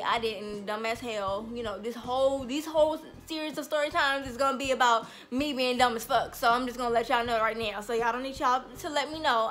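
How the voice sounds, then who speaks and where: A woman's voice: fairly high pitch, a bit bright. A woman vlogger telling a personal story in a casual storytime vlog, blunt, profane and heated.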